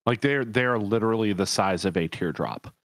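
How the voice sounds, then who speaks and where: A man's voice: on the low side, moderate pace, no room sound, clean studio sound. A man narrating a tabletop game as dungeon master, rambling and correcting himself as he describes things.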